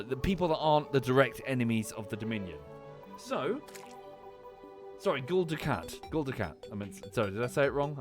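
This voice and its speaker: A man in his thirties, a streamer, rambling in casual chat, animated and swearing freely, with frequent restarts. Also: medium pitch.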